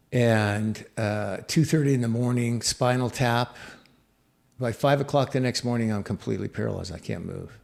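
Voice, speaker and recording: A man's voice: mid-range voice, darkish tone. A middle-aged man, a podcast guest, telling a personal story reflectively, with many fillers and restarts.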